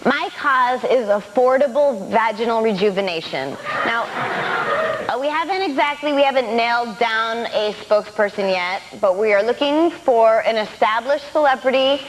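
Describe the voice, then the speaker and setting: A woman on a comedy panel, giving shocking advice in a sweet, deadpan tone. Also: fairly high pitch, moderate pace, faint music behind, low-quality recording.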